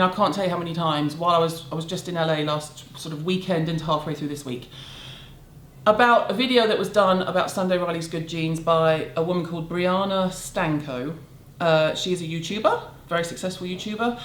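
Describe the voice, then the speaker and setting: A woman's voice: on the low side, a little hiss or hum. Blunt British woman ranting, roomy echo. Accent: British English. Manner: blunt, sarcastic, emphatic. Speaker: beauty vlogger. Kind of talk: casual rant to camera. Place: home room in a city.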